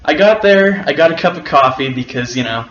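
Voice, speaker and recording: A man with a fairly high voice tells a personal story casually and wryly, taking his time. The sound is roomy and a little dull, with a faint hiss underneath. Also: lively intonation, a little fast, a bit bright. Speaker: guest storyteller. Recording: roomy, dull and slightly noisy.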